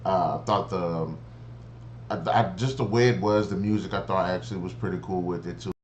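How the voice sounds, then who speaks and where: Male reviewer, lower register, exasperated and profane, rambly delivery, light background noise. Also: fairly even intonation, normal speed. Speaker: show reviewer. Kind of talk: casual spoken review.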